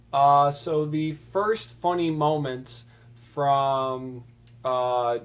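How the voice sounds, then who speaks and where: Chatty young man, raised pitch. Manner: chatty, filler-heavy, relaxed. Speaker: video host. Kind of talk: casual commentary on a cartoon.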